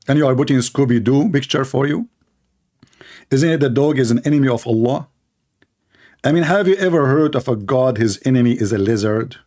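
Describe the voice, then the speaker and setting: A man's voice: mid-range voice, fairly quick, a little mellow. A man hosting a confrontational call-in debate, speaking in a sarcastic, taunting way. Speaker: debate show host.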